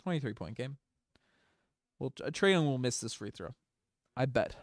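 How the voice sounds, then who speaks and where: Excitable male fan streamer calling a game. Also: medium pitch, moderate pace, no echo, clean studio sound. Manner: excitable, swings from mumbling to shouting. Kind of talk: casual fan livestream commentary. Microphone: desk microphone.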